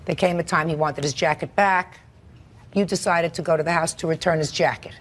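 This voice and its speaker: A woman presiding as a TV judge, questioning litigants bluntly and briskly in a courtroom. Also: sits low, fairly even intonation, a little hiss or hum.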